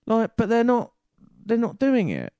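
Bloke, podcast co-host, animated ranting delivery, dry close sound. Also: male voice, extremely high pitch, a little slow, clean tone, no echo. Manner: ranting, swears, self-correcting. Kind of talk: casual chat.

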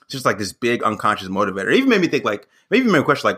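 Animated, bright-voiced man telling stories. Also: medium pitch, very fast, few pauses, husky. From American South. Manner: animated storytelling, frequent fillers and restarts. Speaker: podcast guest, stand-up comic. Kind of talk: casual chat.

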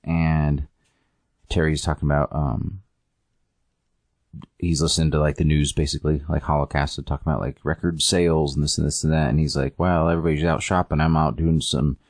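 A man co-hosting a casual podcast, recapping a comic story in a halting way, full of ums and likes. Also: very deep voice, flat delivery, no room sound, clean studio sound. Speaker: podcast co-host reviewing comics.

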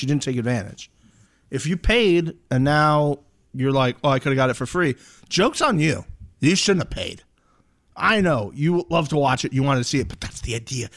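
A man co-hosting a podcast, chatting casually, joking and swearing now and then. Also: mid-range voice. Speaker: podcast co-host. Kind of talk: casual chat.

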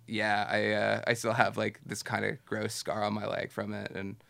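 A man's voice: lowish voice, normal speed, creaky. A man in his thirties co-hosting a podcast, telling a story casually with lots of "like". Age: 30s. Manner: relaxed, filler-heavy, laughs through stories. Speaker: podcast co-host.

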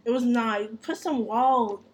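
Animated, profane young woman storyteller. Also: a little high, slow. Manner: animated, profane, laughs through her story. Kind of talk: casual storytelling chat.

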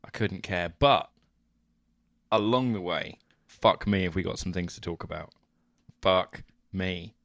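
A man co-hosting a podcast, giving wry deadpan film summaries in casual chat and laughing often. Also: sits low, measured pace, pauses often, no echo. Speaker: podcast co-host.

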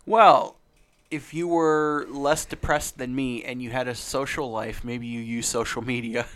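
A man's voice: medium pitch, fairly even intonation, measured pace, a bit bright, clear, resonant tone. A young man co-hosting a sports podcast, rambling and swearing as he tells a story in casual chat. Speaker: podcast co-host.

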